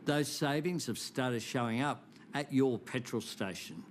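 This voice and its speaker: Brief: Australian political leader, steady formal address, faint hiss behind. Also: male voice, medium pitch. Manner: measured, reassuring.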